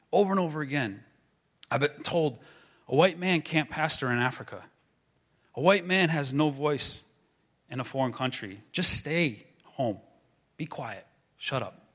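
A man preaching a sermon as a pastor, building to emphatic proclaiming and then dropping to a hushed tone. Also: medium pitch.

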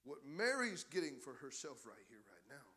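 A man voicing a calm, gentle teacher who speaks softly and low. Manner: soft, slow, low and gentle.

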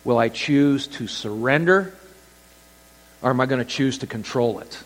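A man preaching a sermon as pastor, telling stories with animated delivery and acting out quoted voices. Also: mid-range voice, normal speed. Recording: long hall reverb.

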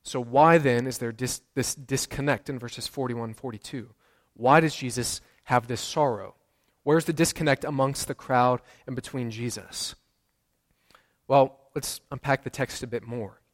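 Earnest pastor preaching in a reverberant church. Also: male voice, mid-range voice, fairly even intonation, unhurried. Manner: earnest, repeats key phrases, quizzes the congregation. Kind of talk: sermon. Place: church sanctuary.

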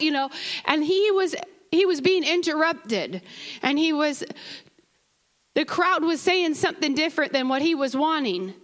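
A woman's voice: sits high, moderate pace. A woman preaching a sermon in church, moving from conversational asides with the congregation to impassioned calls. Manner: rises to impassioned crying out. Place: church sanctuary.

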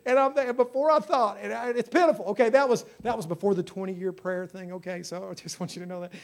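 A man, preaching a sermon, swinging from loud exhortation to hushed storytelling. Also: sits high, fast, creaky, few pauses. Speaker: pastor.

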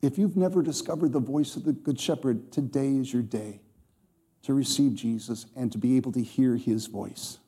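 A man's voice: mid-range voice, normal speed, warm tone. A man preaching a sermon to a congregation, quoting scripture and speaking to the listeners directly with emphatic rhythm.

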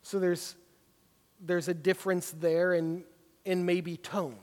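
A man's voice: sits high, level tone, slow pace, big-room sound. A man leading a Bible study class, talking conversationally with many fillers. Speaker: class teacher.

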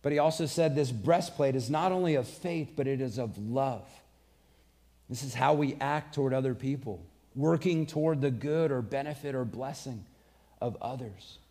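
A man's voice: medium pitch, normal speed, dark tone. A man preaching a sermon, earnest and conversational, mixing scripture with personal stories. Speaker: pastor.

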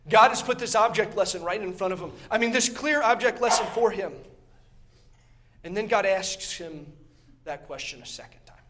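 A man preaching a sermon with passion, reading scripture in old-style wording, swelling loud and then dropping low, and often repeating his words.

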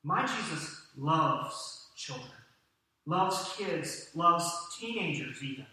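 A man's voice: on the high side, expressive, takes it slowly, sharp tone. A man preaching a sermon to his congregation in a church, talking conversationally and asking his listeners questions. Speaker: pastor. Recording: echoey hall from a distance.

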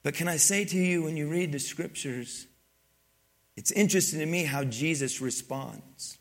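Older guy preaching, bright forceful voice, goes loud then drops to a hush, chatty asides. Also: a little high, moderate pace. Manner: dramatic swings from loud exclamations to hushed near-whispers; storytelling, conversational asides to the congregation. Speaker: pastor. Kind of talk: sermon.

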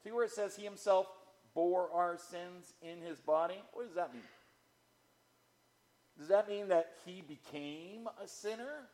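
A man delivers a sermon at an unhurried pace, repeating key phrases for emphasis. His voice sits slightly high for a man, with measured pauses between thoughts. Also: a little mellow. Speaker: pastor.

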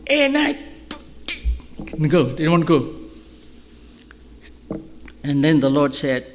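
A man preaching as a pastor, telling stories in an animated way and shouting at the high points. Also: slow pace, slight background noise. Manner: animated storytelling, shouting at peaks. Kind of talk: sermon storytelling. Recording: long hall reverb.

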